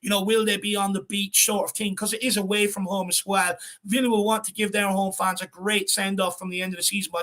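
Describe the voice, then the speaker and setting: An Irish man with a high-sitting voice co-hosts a fan channel live stream. He chats casually and reads out viewer comments, giving shout-outs.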